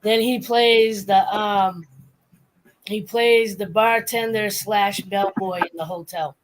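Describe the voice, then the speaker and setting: A woman's voice: mid-range voice, slow pace. A woman chatting casually on a stream, retelling a story and acting out the lines. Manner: animated storyteller acting out quotes. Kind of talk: casual chat.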